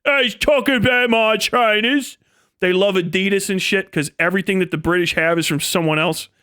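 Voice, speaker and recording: High-voiced man in a profane comedic rant. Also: moderate pace, sharp tone, smooth, dry recording, studio quality. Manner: profane, rambling, mocking. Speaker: livestream host. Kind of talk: comedic rant on a live stream.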